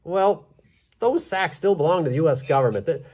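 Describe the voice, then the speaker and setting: A man's voice: fairly high pitch, animated, fairly quick, darkish tone, slightly rough. A man voicing a by-the-book male postman who speaks officiously.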